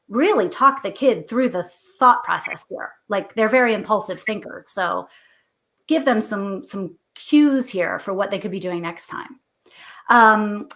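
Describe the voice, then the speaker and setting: Middle-aged lady author chatting about parenting, acts out little parent and kid lines, mid pitch. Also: a bit bright. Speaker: author and guest expert on parenting. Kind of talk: conversational interview advice.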